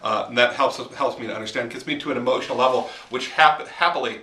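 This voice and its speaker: Guy giving a casual writing lesson on a walk, bright tense voice, kinda far off the mic with a roomy sound. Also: mid-range voice, fast talker. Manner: talks while walking, informal and explanatory. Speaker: writing teacher. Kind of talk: casual teaching monologue. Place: outdoors in the woods. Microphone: handheld camera mic.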